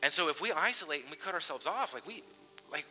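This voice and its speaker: A man's voice: a little high, fast talker, soft background music. A man in his thirties, a pastor, preaching a sermon and telling stories with lots of restarts. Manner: animated storytelling with frequent restarts. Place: large church hall. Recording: long reverb of a church hall.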